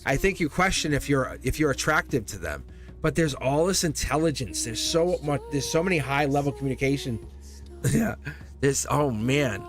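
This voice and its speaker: A man's voice: mid-range voice, animated, a little fast, soft background music. A man reading tarot cards live for his viewers, chatty, laughing often and repeating himself. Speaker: tarot reader, livestream host.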